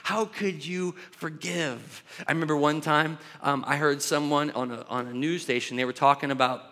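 A pastor preaches a church sermon in a slightly high, bright, forceful voice with a steady tone and moderate pace. His delivery is loose and conversational, full of restarts and asides, and the recording carries the long echo of a large hall.

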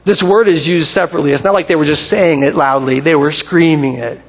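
High, gravelly-voiced preacher in a reverberant hall. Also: male voice, brisk. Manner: animated, conversational, acts out crowd shouts. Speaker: pastor. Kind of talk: sermon. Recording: dull recording with long hall reverb.

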